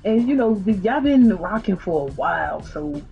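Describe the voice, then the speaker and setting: A woman's voice: medium pitch, expressive, moderate pace, creaky, dull audio. A woman hosting a music channel, breaking down song lyrics in a chatty, slangy way with rhetorical questions. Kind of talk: casual commentary on song lyrics.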